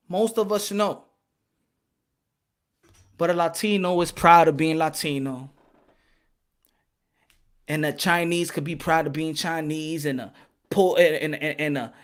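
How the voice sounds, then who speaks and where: Pitched a little high, this man runs a boxing channel and delivers fervent, sermon-like commentary. He moves back and forth between English and Spanish, and his voice climbs into shouting when he gets worked up.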